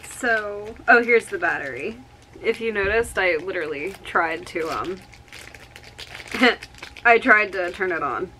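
A woman's voice: medium pitch, a little slow, a little hiss or hum. Gushing young woman unboxing on camera. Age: 20s. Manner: gushing, breathless excitement with many exclamations. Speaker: vlogger. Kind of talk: unboxing vlog chat. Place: home room with outdoor yard noise.

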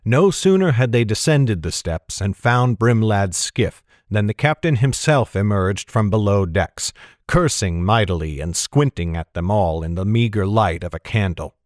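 A man giving steady, measured narration of a fantasy story. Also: lowish voice, no room sound, studio quality. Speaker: audiobook narrator.

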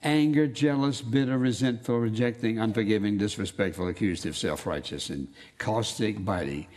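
A man preaching a sermon, emphatic, slowing down to read scripture quotes with weight. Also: on the low side, darkish tone. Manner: emphatic, quotes scripture in slow dramatic readings.

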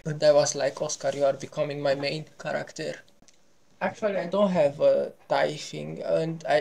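A man giving casual gameplay commentary as a YouTuber, playful and excitable, throwing in silly sound effects. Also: on the high side, creaky, a little hiss or hum. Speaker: gaming YouTuber.

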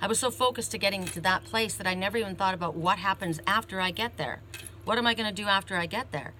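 A woman's voice: mid-range voice, quick pace, sharp tone, slight background noise. A woman giving an oracle card reading, who tells the story in a rambling, casual way. She keeps restarting her sentences and tags them with "you know" and "right?". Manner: self-interrupting, restarts her sentences often.

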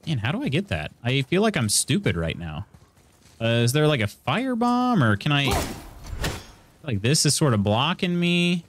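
A man's voice: a little high, wildly swooping pitch, normal speed, a little hiss or hum. A man from central Illinois giving casual live commentary while streaming a game, thinking aloud and greeting his chat. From central Illinois, USA.

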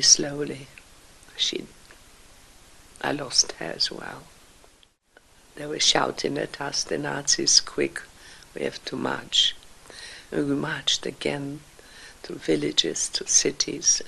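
Older woman with a gravelly, husky voice. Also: low-pitched, little pitch movement, bright, forceful tone, poor audio. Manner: slow, emotional, halting delivery with whispered passages. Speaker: Holocaust survivor speaker. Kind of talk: personal testimony.

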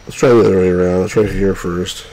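A man's voice: sits low, fairly even intonation, fast, warm tone, poor audio. A man hosting a let's play, giving casual gameplay commentary, exasperated and swearing at the game.

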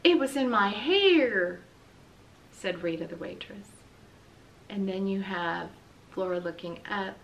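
A woman reading a children's book aloud as a substitute school librarian, expressive and speaking directly to the kids. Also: lowish voice, far from the mic, slight background noise, poor audio.

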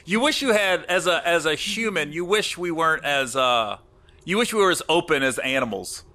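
Middle-aged guy hosting a comedy podcast, high bouncy voice, cracks up a lot. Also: animated, normal speed, bright, forceful tone. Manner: laughs hard, loose and joking. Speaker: podcast host. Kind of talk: casual comedic podcast chat.

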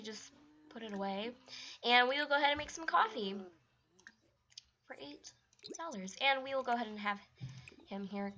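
A woman's voice: a little high, sharp tone. A young woman narrating her life-sim game and scolding the characters in casual commentary, often exasperated. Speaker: gaming YouTuber. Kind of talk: let's play commentary.

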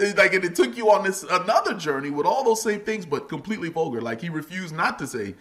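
A man's voice: quick pace, few pauses. A middle-aged man and comedian, a guest on a podcast, telling stories in a loose, chatty way and breaking into laughs as he goes. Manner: animated, acts out quotes in a much higher voice, laughs often. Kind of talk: casual podcast interview storytelling.

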